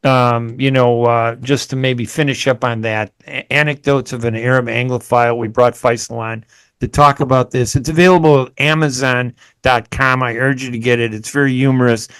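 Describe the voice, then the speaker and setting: A male radio host with a smooth, resonant voice and a dry, close sound. He talks in a chatty, brisk way, interviewing a guest. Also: mid-range voice, fairly even intonation, a bit bright, no echo. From United States.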